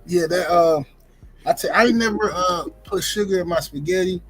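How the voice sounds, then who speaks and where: A man talks in a relaxed, rambling way on a casual podcast. His voice sits slightly high. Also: normal speed, slightly rough, faint music behind, rough recording. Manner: laid-back, rambling. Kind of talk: casual chat.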